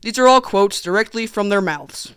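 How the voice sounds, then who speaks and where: A teenage young man narrating a comedic storytime vlog in a sarcastic, animated, joking manner. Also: high voice, moderate pace. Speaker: vlogger.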